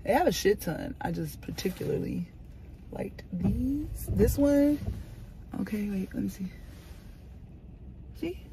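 A woman's voice: lowish voice, vocal fry. Chatty woman vlogging from her car. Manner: animated, swears freely, talks to herself. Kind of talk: casual car vlog chat. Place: inside a car. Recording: car noise behind the voice. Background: vehicle ambience.

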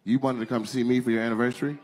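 A man doing live stand-up crowd work, loud, profane and teasing, laughing often. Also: medium pitch, level tone, rapid-fire. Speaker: stand-up comedian. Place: comedy club stage. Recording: live comedy club with crowd noise.

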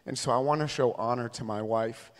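Speaking briskly in a medium-pitched voice, this traveling evangelist from Minnesota, in his thirties, tells funny, chatty stories during his sermon. The sound echoes with the long reverb of a large church hall.

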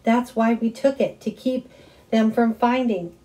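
A woman voicing a middle-school boy who pleads and yells at his mother. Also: mid-range voice, animated, a little slow, natural voice, rough recording. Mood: upset, pleading. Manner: pleading, yelling.

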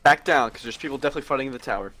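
A man's voice: mid-range voice, very fast, pushed and bright. A man chatting dryly and matter-of-factly with a friend while they play a game. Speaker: gaming teammate. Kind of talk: casual gameplay chat.

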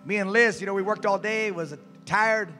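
A male pastor preaching a sermon, animated and calling out to his congregation. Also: high voice, moderate pace. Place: church sanctuary. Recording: reverberant church hall, faint music.

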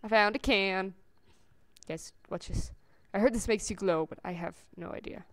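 A woman giving chatty let's-play commentary on a survival game, gasping at finds and breaking into squeaky sing-song calls. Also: normal speed, dry recording. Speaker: gameplay commentator.

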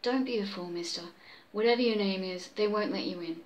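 A woman's voice: mid-range voice, a little fast, dull audio, natural voice. A woman reading the lines of a stubborn young woman in a pulp story read aloud at home. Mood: insistent.

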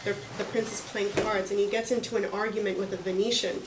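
A woman's voice: mid-range voice, fairly even intonation, fast. A woman leading a reading group, casually retelling a story with many fillers and restarts. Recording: roomy, distant mic with faint noise.

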